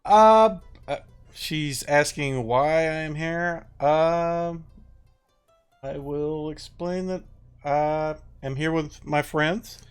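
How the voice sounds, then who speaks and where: A man's voice: fairly high pitch, extremely slow, clean tone, soft background music. A man playing in a tabletop game, talking casually and hesitantly about what his character does. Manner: hesitant, full of fillers and restarts. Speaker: player.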